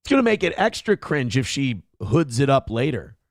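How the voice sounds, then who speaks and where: A man's voice: mid-range voice, very animated, normal speed, no echo, studio quality. Crude, sarcastic male show host. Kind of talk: casual live-stream commentary.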